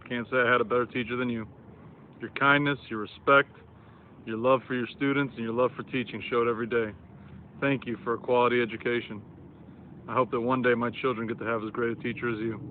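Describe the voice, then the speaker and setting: A man's voice: mid-range voice, steady tone. Earnest man in his thirties, phone audio. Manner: earnest, measured, formal. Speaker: former student. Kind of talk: recorded video tribute. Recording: tinny phone recording with faint noise.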